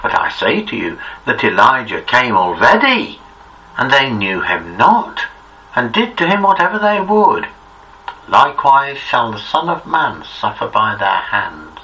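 A man voicing Jesus as a stern, solemn teacher in a measured, grave reading. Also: medium pitch, sing-song, pushed and bright, heavily acted. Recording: distant muffled recording, faint hiss.

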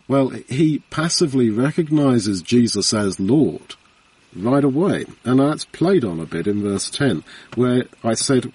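A man's voice: mid-range voice, lively intonation, a little slow, a little mellow, husky, no room sound. A man preaching a Bible teaching sermon in an earnest, conversational way, repeating phrases for emphasis. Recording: voice from far off the mic.

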